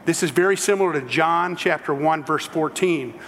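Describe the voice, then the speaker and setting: A man's voice: a little high, normal speed, creaky, a bit bright, big-room sound, a little hiss or hum. A man preaching a sermon, telling the story in a conversational way with humorous asides. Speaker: pastor.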